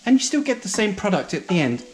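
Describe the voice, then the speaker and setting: A man's voice: high voice, sing-song, fast talker, slight background noise. A man playing a posh lady co-hosting a comic cooking show in a home kitchen, dry and teasing, calling everyone darling. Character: posh middle-aged lady, dry sidekick cook.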